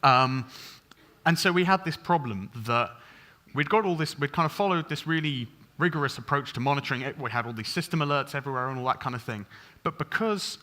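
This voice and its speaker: Bright-voiced man giving a tech talk. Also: medium pitch. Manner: fast, chatty, full of ums and restarts. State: over-caffeinated. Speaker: conference speaker. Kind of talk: technical conference talk. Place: conference stage.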